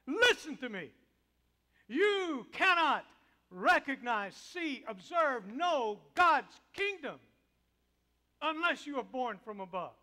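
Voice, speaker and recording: A male preacher voicing Jesus as a stern teacher who shouts a rebuke, loud and forceful, in a church sanctuary. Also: extremely high pitch, big pitch swings, slow pace, in a large hall, pitched above the performer's own voice, full character voice. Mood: shouting. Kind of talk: acted quote within a sermon.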